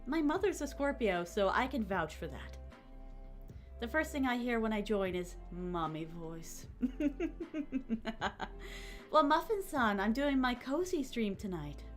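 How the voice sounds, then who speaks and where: Chill woman streamer, soft relaxing mom voice, a bit high, light music playing behind. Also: big pitch swings, normal speed. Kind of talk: casual chat reading stream comments.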